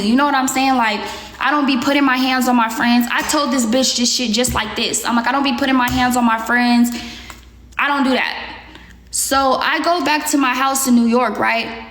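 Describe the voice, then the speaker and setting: A young adult woman telling a profane story on a livestream, animated and acting out the quotes. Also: high voice, normal speed. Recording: echoey room.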